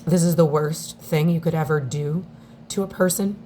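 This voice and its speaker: A woman speaking in an emotional personal video statement, on the verge of tears, with halting, heartfelt delivery and long pauses. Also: low voice, steady tone, warm tone, slight background noise. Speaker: mother speaking out in a daily video diary.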